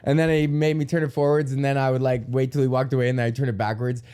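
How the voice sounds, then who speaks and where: A man's voice: medium pitch, level tone, fast talker, dark tone, smooth. A young man from Alberta, Canada, hosting a podcast, telling stories in a profane, rambling comedic rant with yelps acting out pain. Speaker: podcast host.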